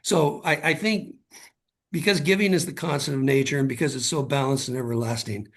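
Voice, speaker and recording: A man's voice: mid-range voice, fairly quick, a bit bright. A middle-aged man, a guest author, earnestly telling a personal story in conversation and often repeating words as he starts a thought.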